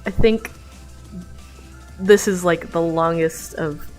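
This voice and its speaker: A woman's voice: on the low side, fairly even intonation, slow pace, darkish tone. A woman reading her own comic on a live stream and chatting casually, with fillers and laughs, faint music behind. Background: faint background music.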